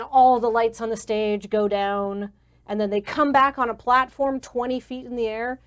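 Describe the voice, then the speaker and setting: Sex: woman. Role: game master. Style: casual tabletop narration with fillers. Pitch: a bit high. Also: steady tone, normal speed, clear, resonant tone. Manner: casual, descriptive, many fillers.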